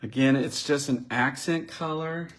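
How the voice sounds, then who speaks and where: Slow, chatty man demonstrating crafts. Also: mid-range voice. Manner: chatty, thinks aloud while working; addresses live viewers directly. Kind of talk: live card-making demonstration.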